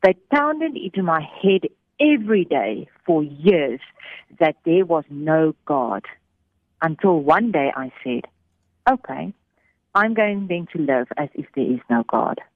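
A woman's voice: deep voice, lively intonation, unhurried, no echo, full character voice. A woman quoting a humble, grateful man who tells of his ordeal in earnest. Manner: earnest, quoted in the first person. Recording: thin phone-like radio sound.

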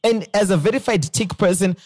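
A man's voice: high-pitched, brisk. A Zimbabwean man hosting a casual podcast chat, joking, laughing and often repeating his words. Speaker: podcast host.

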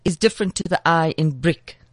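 A South African woman, an actress and accent coach, telling lively stories as a studio guest and acting out the people she quotes. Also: low-pitched, a little fast, no echo. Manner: lively anecdotal storyteller who acts out quotes.

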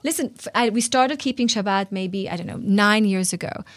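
A middle-aged woman with an Israeli accent, a guest in an interview, talking animatedly with frequent laughs and quick restarts. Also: mid-range voice, no echo. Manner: animated, laughs often, restarts and repeats words. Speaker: author and guest. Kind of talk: conversational interview.

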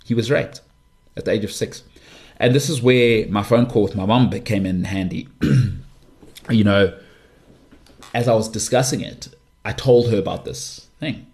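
Forceful low-voiced male podcast host. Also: moderate pace, long pauses. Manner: forceful, repetitive emphasis. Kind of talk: impassioned monologue.

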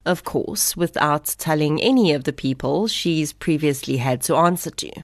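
A woman narrating a podcast story in a measured, scripted way. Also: deep voice, animated, no echo, clean studio sound.

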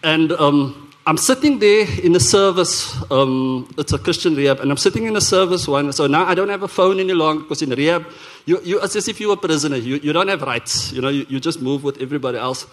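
A South African man telling his testimony from the pulpit, his voice sitting a little high for a man. He tells it as an earnest, animated story, often stumbling and restarting his sentences as he goes. It has the feel of a church service. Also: brisk. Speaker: worship leader giving a testimony. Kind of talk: sermon testimony told as a story.

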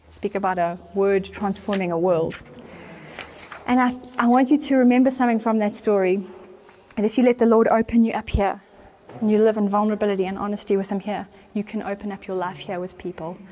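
A woman's voice: mid-range voice, darkish tone. A woman preaching, retelling a story earnestly and with animation. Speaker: church speaker. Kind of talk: storytelling sermon.

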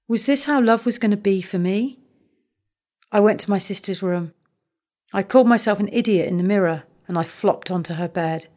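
A woman's voice: medium pitch, a little mellow. British woman reading her own story. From Britain. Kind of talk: first-person story reading.

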